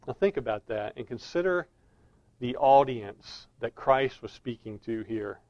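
A man preaching an expository sermon, earnestly leaning on key words and slowing down for emphasis. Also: mid-range voice, lively intonation, no echo, dull audio.

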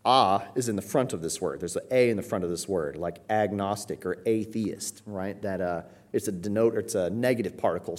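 A man who is a pastor, preaching a teaching sermon and explaining Greek words, often checking in with a quick "right?". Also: on the low side, a little mellow. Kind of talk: expository sermon.

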